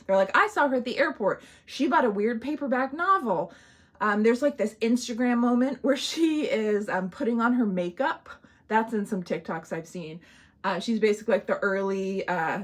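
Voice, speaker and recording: A woman casually reviewing an old film in a chatty vlog, animated and laughing often, acting out bits of dialogue. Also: medium pitch.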